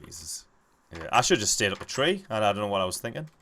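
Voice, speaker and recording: A young man chats with friends while playing a game. His voice sits a little low but comes out bright and forceful. He swears freely and rambles through animated anecdotes. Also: quick pace. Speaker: gamer playing with friends over voice chat. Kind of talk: casual gaming chat.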